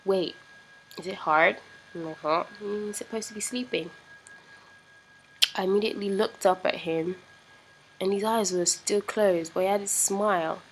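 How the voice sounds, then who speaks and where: A woman putting on a British accent to tell a racy romance story in a dramatic, hushed way. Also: medium pitch, steady tone, moderate pace, pauses often, slight background noise, close to an everyday voice, low-quality recording. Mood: sultry. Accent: put-on British.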